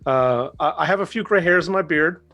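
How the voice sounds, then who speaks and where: A man's voice: on the high side, brisk, pushed and bright, muffled recording, faint music behind. A man in his forties, a guest on a talk stream, chatting in an easygoing, self-deprecating way. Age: 40s. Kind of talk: casual interview chat.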